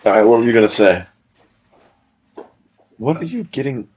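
A man's voice: mid-range voice, animated, moderate pace, a little mellow, muffled recording, slight background noise. A young man chatting casually as podcast co-host, joking and telling stories with many restarts. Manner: joking, storytelling, rambling with restarts. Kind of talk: casual chat.

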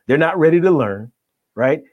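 A man's voice: on the high side, moderate pace, no echo, narrow, tinny audio. Middle-aged male life coach, motivational, keeps asking "right?", dry close sound. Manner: energetic, tags nearly every point with "right?". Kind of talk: motivational conversation.

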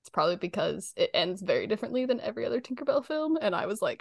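A woman's voice: mid-range voice, big pitch swings, racing, vocal fry, dry recording, clean studio sound. Chatty young woman, laughs often. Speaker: podcast co-host. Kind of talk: casual chat.

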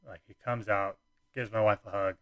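Young man, low voice, rambling casual storyteller, dead-dry close recording. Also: fairly even intonation, moderate pace, a bit bright, no echo. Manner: rambling, frequent fillers and restarts, nonchalant.

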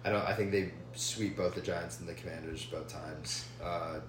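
A young man co-hosting a casual sports podcast, excitable and stumbling over his words. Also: low voice, moderate pace, roomy sound, noisy background. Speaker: podcast co-host.

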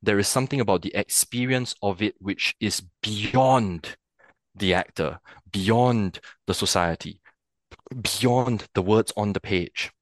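A man's voice: on the low side, slow, no room sound. A man from Singapore, a theatre practitioner, explaining ideas as a podcast guest, thinking aloud and often checking in with "right?". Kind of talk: reflective conversational explanation.

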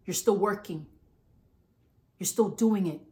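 A woman pastor delivering a fervent sermon, repeating calls to listen and sometimes running out of breath from excitement. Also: medium pitch, measured pace. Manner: fervent, repetitive preaching with emphatic calls to listen.

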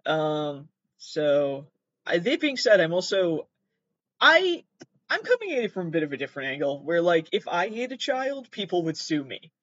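A man's voice: on the high side, sing-song, moderate pace, fairly bright tone, no room sound, muffled recording. A man hosting his own show, chatting casually about odd news stories in a rambling, profane, self-mocking way. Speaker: podcast host. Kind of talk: casual solo commentary on news.

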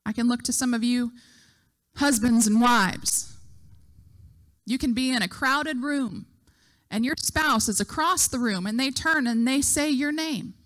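A woman's voice: on the high side, unhurried, a bit bright. A middle-aged woman preaching a sermon, telling a story and acting out the voices she quotes.

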